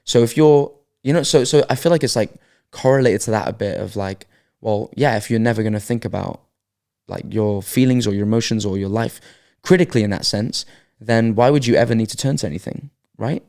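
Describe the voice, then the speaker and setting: A man with a low, gravelly voice co-hosting a casual podcast chat. He thinks aloud as he goes, circling back and restarting his sentences. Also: fairly quick, a little mellow. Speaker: podcast co-host.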